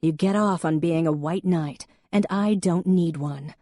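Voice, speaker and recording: A woman's voice: fairly low pitch, a little slow, no room sound, studio quality. Woman playing a hurt young woman arguing. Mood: upset. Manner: sharp, raised, emotional.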